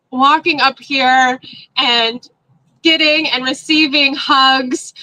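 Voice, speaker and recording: A woman's voice: sits high, steady tone, takes it slowly, bright, forceful tone, no room sound, rough recording. A woman county executive giving an emotional, fervent rally speech. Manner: emotional, fervent public speaking.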